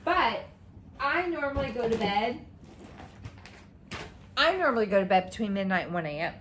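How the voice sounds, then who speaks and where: Woman, casual vlog chat, lively sing-song pitch, rambling, excitable, a bit tired. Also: moderate pace, slight background noise. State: tired and yawning. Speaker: cross-stitch vlogger. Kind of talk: casual show-and-tell chat.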